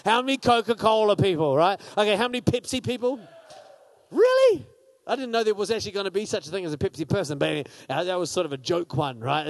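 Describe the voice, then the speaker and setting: Upbeat New man working a crowd, high voice, dry close sound. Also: dry recording. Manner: energetic, playful, polls the audience. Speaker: speaker at a church gathering. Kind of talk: lively talk to a crowd.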